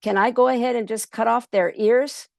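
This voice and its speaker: A high, wheedling young trickster of a farmhand, voiced by a woman telling a folk tale. He sounds innocent and polite while he swindles, and a fry rasps under the words. The sound is close and dry. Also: fairly even intonation, moderate pace, no echo. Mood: sly polite. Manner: pleading, breathless when fooling the boss.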